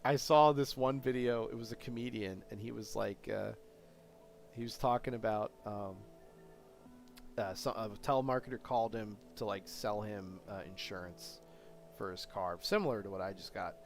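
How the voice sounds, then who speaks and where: A young man with a voice on the low side keeps a steady tone and a moderate pace while chatting on a casual live stream. He rambles through lengthy stories with many fillers and lots of laughing, faint music in the background.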